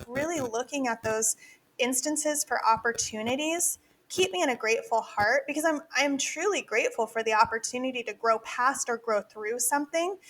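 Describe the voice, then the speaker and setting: A woman's voice: a little high, fairly bright tone. A woman in her forties co-hosting a podcast, talking candidly in a casual chat with many fillers and frequent laughs. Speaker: podcast co-host, dental practice consultant.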